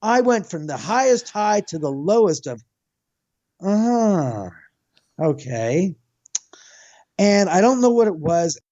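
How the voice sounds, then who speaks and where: A man telling a long, rambling story in casual chat, animated and swearing freely. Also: high-pitched, moderate pace, few pauses, dry recording, lo-fi sound. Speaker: guest, house owner.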